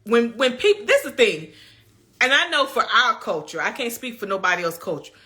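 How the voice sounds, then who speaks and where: A woman's voice: a little high, very animated, brisk, pushed and bright. A young adult woman vlogger giving a preachy, emphatic, folksy motivational talk straight to her viewers about self-care. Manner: colloquial, folksy. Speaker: lifestyle vlogger.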